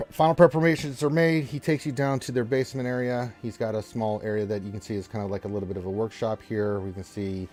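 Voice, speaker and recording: A man's voice: on the low side, warm tone. A man narrating as game master, rambling and joking, often breaking off mid-sentence. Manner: rambling, joking, self-interrupting.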